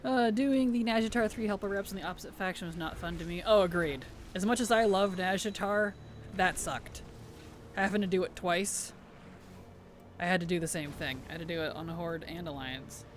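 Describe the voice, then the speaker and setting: High-voiced man streaming a game. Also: fairly quick, a little hiss or hum. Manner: chatty, reads and answers viewer chat with easy laughs. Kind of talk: casual live-stream chat while gaming. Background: background music.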